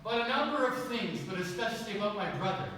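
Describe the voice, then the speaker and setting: A male pastor preaching with a high, bright, ringing voice. He tells a personal story and climbs to emphatic peaks. He sounds set back from the microphone, with long reverb in a large church sanctuary. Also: animated, quick pace, a little hiss or hum. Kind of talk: sermon. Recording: echoey church hall from far off.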